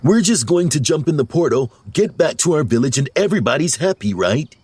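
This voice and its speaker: A man voicing a nervous, clumsy little male Smurf in an audio storybook, talking high and rushed. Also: very animated, darkish tone, breathy edge, no echo. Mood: anxious.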